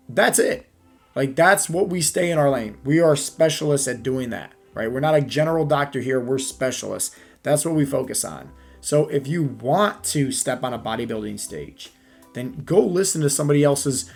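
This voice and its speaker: A man giving a fitness coaching talk as a podcast monologue, emphatic, often checking in with "right?" and "okay?". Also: mid-range voice.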